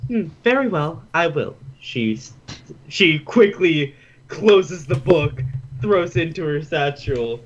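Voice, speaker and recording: A man playing a tabletop game, speaking slowly and deliberately. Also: a little high, very animated, slight background noise. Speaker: player. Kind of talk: casual tabletop play. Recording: dull lo-fi recording.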